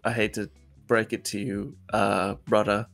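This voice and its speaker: Low-voiced young man, dry humor. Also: level tone, unhurried, creaky, fairly bright tone, faint music behind. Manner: dry, plays along with mock formal lines. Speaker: gaming friend. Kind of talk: casual gaming chat.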